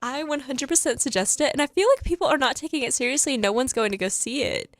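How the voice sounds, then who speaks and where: A woman's voice: sits high, expressive, fast talker, no room sound. Chatty teen girl, laughing a lot. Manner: chatty, laughs often, heavy use of "like". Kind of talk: casual chat about a movie.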